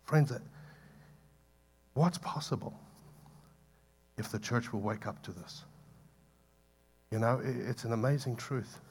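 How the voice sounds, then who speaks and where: A man preaching a sermon, swinging between loud impassioned pleading and soft asides to the congregation. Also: medium pitch, measured pace, pauses often, husky. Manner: impassioned, building to loud pleading peaks then dropping soft. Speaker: pastor.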